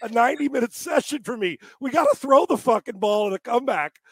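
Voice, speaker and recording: A man's voice: very high voice, lively intonation, fast talker, gravelly, breathy edge, dry recording. A man who trains quarterbacks, telling stories in a casual, exasperated way and swearing freely as he mocks gimmicky training. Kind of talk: casual profane storytelling.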